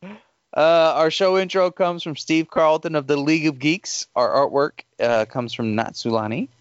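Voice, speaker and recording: A man's voice: a little high, moderate pace, smooth, no echo, lo-fi sound. A man hosting a podcast, reading listener feedback and often laughing as he reads. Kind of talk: casual chat.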